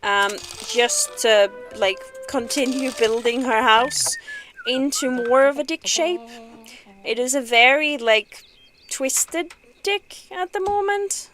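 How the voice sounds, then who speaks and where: A woman's voice: sits high, slow pace, a bit bright, faint music behind. A woman chatting casually while streaming a game, giggling often and playful. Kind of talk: casual gaming stream chat.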